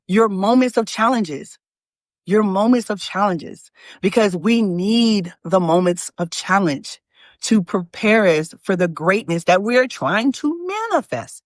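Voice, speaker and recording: A woman hosting her own channel, giving an animated, preachy motivational talk to viewers that she calls y'all, with frequent restarts. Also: mid-range voice, slow, no echo, studio quality. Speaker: manifestation coach and channel host.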